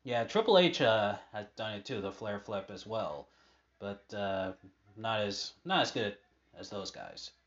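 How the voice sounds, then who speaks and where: A man's voice: lowish voice, animated, a little slow, highs cut off. A man casually chatting over old match footage, rambling with many fillers and asides. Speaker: fan commentating on old matches.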